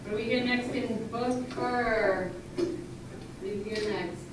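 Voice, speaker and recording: High-voiced teacher in an echoey classroom. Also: female voice, fairly even intonation. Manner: brisk, encouraging, calling on children by name. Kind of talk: classroom instruction. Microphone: far camera. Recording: distant, very echoey noisy classroom video.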